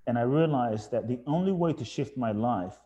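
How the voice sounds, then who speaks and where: A man's voice: medium pitch, expressive, normal speed, warm tone, lo-fi sound. A man guesting on a podcast, telling his life story earnestly and emphatically, often repeating phrases for effect. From England. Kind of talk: reflective storytelling interview.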